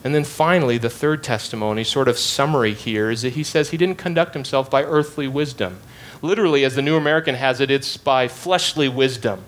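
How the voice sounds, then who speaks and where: A man's voice: medium pitch, fairly quick, a bit bright. A man preaching an expository sermon, emphatic and repeating phrases to drive his points home.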